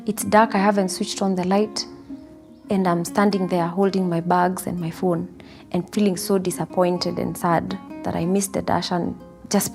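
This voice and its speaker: Woman telling her story real earnest, bit of fry in the voice, quiet guitar behind. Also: fairly low pitch. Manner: earnest storytelling, reenacts her own quotes. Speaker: devotee sharing testimony. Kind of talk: personal spiritual testimony. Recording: soft guitar music underneath.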